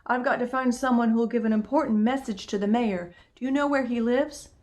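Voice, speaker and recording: Gentle male alligator read by a woman, polite, soft storybook voice, slightly raised pitch. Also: fairly quick, natural voice.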